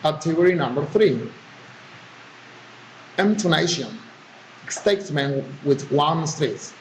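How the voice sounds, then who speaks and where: A man's voice: fairly high pitch, animated, normal speed. A man, a student, carefully reading word lists and practice sentences aloud as a pronunciation exercise, one item at a time. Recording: roomy recording with faint hiss.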